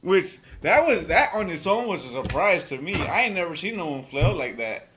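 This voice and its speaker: A man casually telling a wild story, profane and animated, acting out the people he quotes. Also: high voice, moderate pace, a little hiss or hum.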